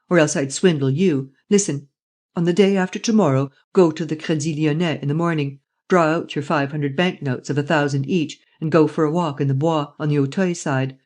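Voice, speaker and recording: Arsène Lupin, a man doing a mocking gentleman thief. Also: a little high, lightly acted. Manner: taunting, excitable, quick to laugh. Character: suave, mocking gentleman thief, bold and gleeful.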